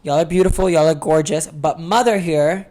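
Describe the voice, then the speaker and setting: A young adult woman hosting her own podcast in a candid, expressive confessional chat, swearing freely and calling listeners honey. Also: sits low, moderate pace. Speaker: podcast host.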